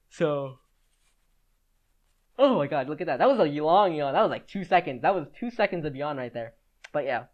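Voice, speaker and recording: A teenage boy talks his way through a solo podcast episode in loose, casual chat. His voice sits a little high for his age, and he rambles with plenty of "like"s and restarts. The recording is dull and lo-fi, as from a home setup. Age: teens. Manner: rambling, chatty, with many "like"s and restarts. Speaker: podcast host.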